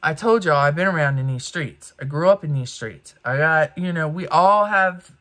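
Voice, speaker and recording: A woman's voice: low voice, expressive, moderate pace, a bit bright. A woman in her fifties doing get-ready-with-me commentary, blunt and ranting, swearing freely. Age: 50s. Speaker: beauty vlogger.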